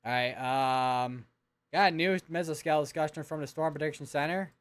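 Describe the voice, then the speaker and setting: A man's voice: fairly high pitch, fairly even intonation, moderate pace, fairly bright tone, clean tone. A young man hosting a live severe weather stream, talking casually with lots of fillers and restarts as he checks radar and alerts at his computer.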